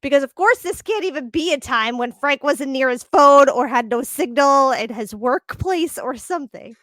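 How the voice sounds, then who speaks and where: High-voiced, lively woman podcast host. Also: normal speed, no room sound, studio quality. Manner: animated storytelling, laughing often. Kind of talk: casual chat.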